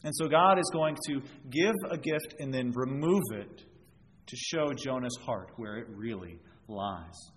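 A man's voice: mid-range voice, measured pace. A man preaching a sermon, explaining scripture verse by verse and drawing out everyday examples. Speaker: pastor. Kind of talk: expository sermon. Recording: long reverb, faint background noise.

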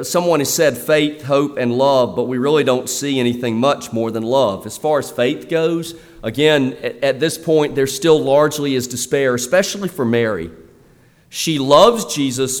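Man preaching in a reverberant church. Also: medium pitch. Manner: conversational preaching with frequent fillers and restarts. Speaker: pastor. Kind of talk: sermon. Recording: long reverb of a church hall.

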